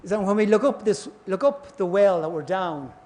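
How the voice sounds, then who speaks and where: Man, high voice, lecturing on scripture and acting out parable voices in a lively way. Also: moderate pace. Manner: storytelling, acts out voices in parables. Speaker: class speaker. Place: temple hall.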